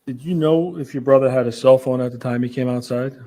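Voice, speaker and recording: A man questioning a witness in court with brisk, leading questions. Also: medium pitch, fairly even intonation, warm tone. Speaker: attorney.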